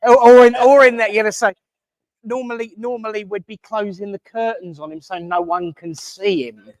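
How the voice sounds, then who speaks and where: A man's voice: high voice, steady tone, normal speed, no echo. A man hosting a church service, giving closing notices in a jokey, teasing, chatty way. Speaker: service host. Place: village hall.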